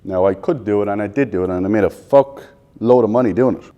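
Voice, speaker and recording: The audio is dull, but the voice is lowish and warm: an Irish man in his thirties leading a live sales training. He fires rapid questions at the audience and answers bluntly, swearing at times.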